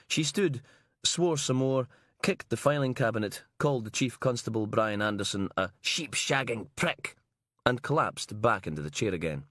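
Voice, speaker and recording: Brief: male audiobook narrator, measured crime-novel reading, lowish voice, dead-dry close recording. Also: animated, a bit bright, dry recording.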